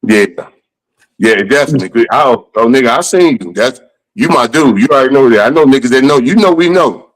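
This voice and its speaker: A man's voice: mid-range voice, lively intonation, fairly quick, low-quality recording. A comedian guest on a podcast, a man telling blunt, profane stories in casual chat.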